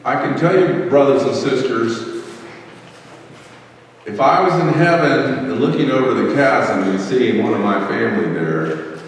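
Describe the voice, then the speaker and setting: A man's voice: mid-range voice, animated, unhurried, a little hiss or hum. A male pastor delivering a sermon, full of rhetorical questions and rising fervor. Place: church sanctuary. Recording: echoey church hall from far off.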